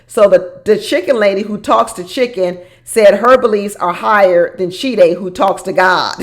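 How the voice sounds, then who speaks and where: A woman giving casual, animated recap commentary on a reality show, dramatic and laughing as she talks. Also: mid-range voice, normal speed.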